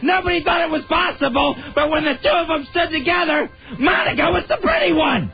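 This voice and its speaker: A radio co-host doing an impression of a brash, shouting wrestler cutting a promo, full of "Woo!" yells. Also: male voice, very high voice, lively intonation, brisk, vocal fry, exaggerated voice. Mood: boastful. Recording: dull lo-fi radio broadcast with music.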